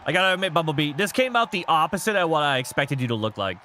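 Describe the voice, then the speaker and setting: Fast-talking and unscripted, a male game streamer reads his chat aloud while his high, bright, lively voice spikes at each key moment of the match. Soft music and slight background noise sit behind him.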